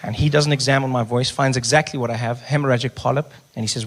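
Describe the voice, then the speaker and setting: A man from South Africa doing stand-up comedy, telling stories quickly and dropping into hushed voices for the characters. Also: medium pitch, fairly even intonation.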